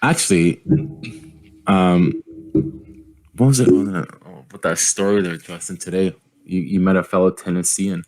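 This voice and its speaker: Easygoing Canadian man, low voice. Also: steady tone, normal speed, long pauses, darkish tone. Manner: laughs often, easygoing. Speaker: podcast co-host. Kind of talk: casual chat.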